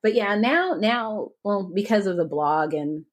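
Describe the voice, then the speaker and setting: A woman's voice: mid-range voice, animated, measured pace. A woman co-hosting a podcast in casual chat, talking freely with frequent laughs and restarts. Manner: chatty, laughs often, trailing restarts. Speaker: podcast co-host.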